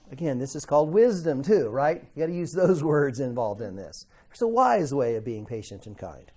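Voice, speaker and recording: A man teaching a classroom Bible lesson in a conversational way, asking the class questions and acting out quoted voices with sudden loud outbursts. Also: mid-range voice, expressive, quick pace, few pauses.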